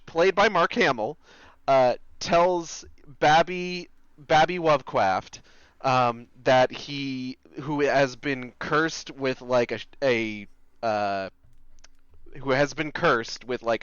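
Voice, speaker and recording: Boston man, smooth voice, dry call audio. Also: mid-range voice, fairly bright tone, no room sound. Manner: laid-back, tangent-prone storytelling. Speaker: podcast guest. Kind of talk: casual chat. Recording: dry, slightly dull remote audio.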